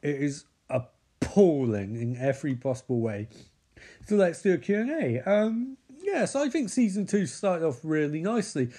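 A man's voice: high voice, very animated, moderate pace, dark tone. A man giving sarcastic running commentary on a movie he is watching, swearing and mocking the characters. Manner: sardonic, swears, mocks the characters in put-on voices.

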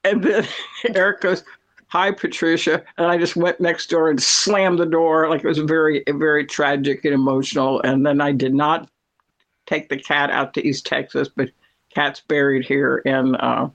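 A middle-aged woman telling a story in casual chat, chatty and animated, laughing often. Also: sits low, moderate pace. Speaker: cat owner telling a story.

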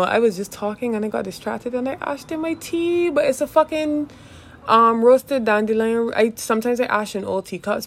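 A woman with a medium-pitched, gravelly voice hosts a podcast, rambling casually and swearing. She laughs often and keeps calling the listener "dog."

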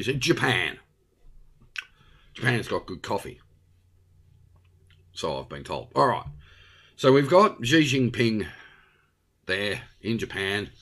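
Blunt Australian male host, opinionated monologue, very lively pitch. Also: slight background noise. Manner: blunt and ranting, with frequent tag questions.

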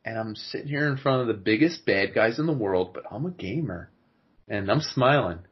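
A man's voice: lowish voice, expressive, moderate pace, husky, dull audio. A man co-hosting a podcast in casual comedy chat, riffing playfully over the top. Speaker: podcast co-host.

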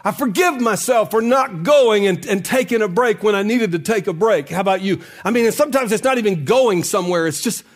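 A male pastor preaching a sermon, often breaking into a sung cadence and climbing to shouts. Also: sits high, expressive, a little fast, few pauses.

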